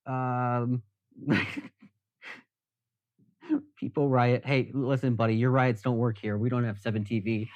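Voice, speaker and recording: A man's voice: medium pitch, little pitch movement, slow, pauses often, no echo. A man casually chatting with viewers on a live stream, rambling and self-deprecating.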